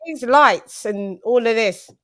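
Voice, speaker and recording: A woman chats casually as the host, animated and full of anecdotes. Her voice sits a little high. She keeps slipping into quoted voices as she tells each story. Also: slow pace. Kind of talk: casual chat.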